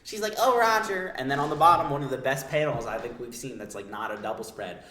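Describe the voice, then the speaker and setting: A man's voice: medium pitch, fast talker, a bit bright. A young man hosting a manga breakdown, with hyped, profane, slangy commentary. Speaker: manga breakdown video host. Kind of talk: excited, profane, casual commentary. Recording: echoey room.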